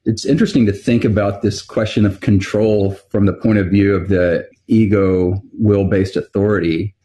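A man's voice: fairly low pitch, fairly even intonation, normal speed, dark tone. A man co-hosting a casual interview, asking thoughtful, searching questions. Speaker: podcast co-host.

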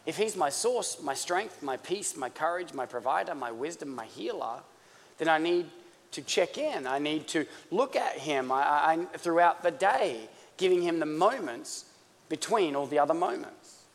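A man's voice: on the high side, animated, moderate pace. A man from Australia preaching a sermon in a conversational, joking manner that builds toward fervor. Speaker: pastor. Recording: long church-hall reverb.

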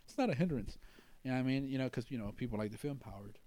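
A young man co-hosting a podcast, telling stories in fast, animated casual chat full of slang and swearing. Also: mid-range voice. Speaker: podcast co-host.

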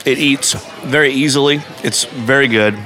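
A man's voice: medium pitch, normal speed, pushed and bright. A man co-hosting a casual food review, joking and narrating what his friends are doing. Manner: playful, jokey, narrates what others do. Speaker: co-host of a food review show. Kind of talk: casual food-tasting chat.

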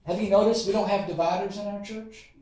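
High-voiced folksy Southern preacher, echoey church. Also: male voice, steady tone, mellow. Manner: folksy preaching, repeats phrases, quick asides and chuckles. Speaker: pastor. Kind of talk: sermon. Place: church sanctuary. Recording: roomy church echo.

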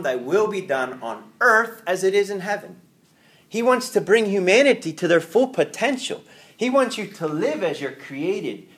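A man teaching a Catholic Bible class to a room of students, talking in a conversational way with rhetorical questions. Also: a little high.

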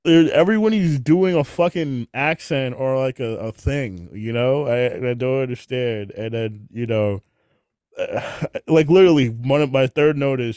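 A man's voice: mid-range voice, unhurried, darkish tone, smooth, no room sound, studio quality. A man hosting a podcast, chatting casually and animatedly, swearing freely and laughing often. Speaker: podcast host. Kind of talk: casual chat.

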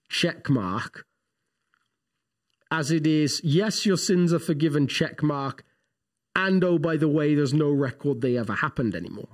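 A man, co-hosting a casual theology podcast and telling rambling, animated stories full of restarts. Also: a little high. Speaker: podcast co-host, pastor.

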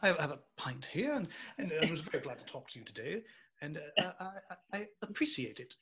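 An American man putting on a posh stage-British accent as a prim, overly polite gentleman. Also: a little high, very animated, brisk, highs cut off. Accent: put-on posh British.

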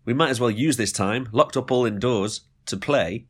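A man's voice: mid-range voice, moderate pace, slightly rough. Man hosting a jokey podcast. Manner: jokey, mock-dramatic, deadpan asides. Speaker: podcast host. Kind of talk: comedic monologue.

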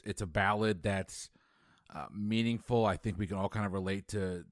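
Deep-voiced opinionated podcast man. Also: no echo, studio quality. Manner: opinionated, joking, hesitant fillers. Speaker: podcast co-host. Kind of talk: casual podcast chat.

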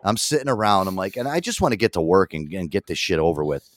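Radio guy ranting about his morning, swears every other word, low voice that jumps all over, dry close sound. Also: fast talker, dry recording. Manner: animated, swears constantly. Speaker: radio show host. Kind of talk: casual profane storytelling.

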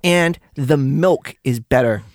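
A man's voice: mid-range voice, slow pace, a little mellow, dry recording. A man co-hosting a casual podcast, teasing and joking with his friends. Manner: teasing and jokey. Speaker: podcast co-host. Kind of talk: casual chat.

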